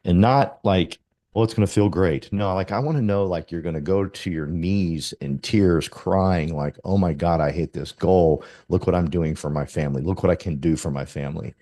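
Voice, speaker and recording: Impassioned low-voiced man hosting a call. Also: normal speed, dark tone. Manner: impassioned, preachy, acts out quotes. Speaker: meeting host. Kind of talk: motivational group call.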